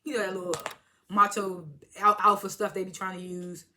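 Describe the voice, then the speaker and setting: Woman with a bright, sharp voice doing a casual TV episode recap, chatty and easily amused. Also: mid-range voice, level tone, moderate pace, slight background noise. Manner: chatty and amused, laughs often, retells scenes with "he was like". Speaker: TV episode reviewer.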